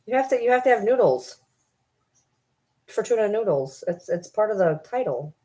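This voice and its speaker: A woman's voice: medium pitch, lively intonation, normal speed, mellow, slightly rough. A middle-aged woman hosting a casual livestream, chatting loosely with viewers, swearing casually and baby-talking to her pets. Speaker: livestream host.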